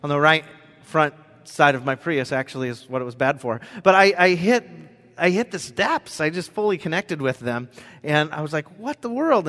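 A male pastor delivering a sermon through personal stories, swinging between loud, animated moments and hushed ones. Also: on the high side, clear, resonant tone. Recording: long hall reverb.

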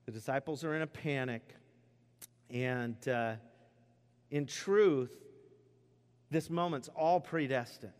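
Pastor with a big echoing hall sound. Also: male voice, mid-range voice, takes it slowly, long pauses, clear, resonant tone. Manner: animated, self-deprecating storytelling with sudden loud outbursts. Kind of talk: sermon with personal storytelling. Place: church sanctuary. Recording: long reverb of a large hall.

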